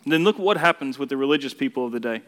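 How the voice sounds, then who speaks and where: A man's voice: mid-range voice, expressive, rapid-fire, fairly bright tone. A man preaching a casual, conversational sermon, often repeating words as he builds each point. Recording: long reverb of a hall.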